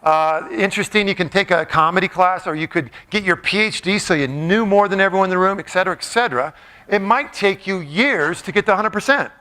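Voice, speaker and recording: A man's voice: sits high, brisk, sharp tone. A man giving a playful, jokey motivational talk, quizzing a live audience in a large room. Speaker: motivational speaker.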